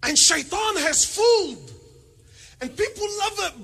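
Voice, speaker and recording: A man preaching a sermon, animated and joking, firing rhetorical questions and mixing in Arabic phrases. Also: extremely high pitch, measured pace, gravelly. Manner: peppers speech with Arabic phrases. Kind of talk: sermon to a congregation.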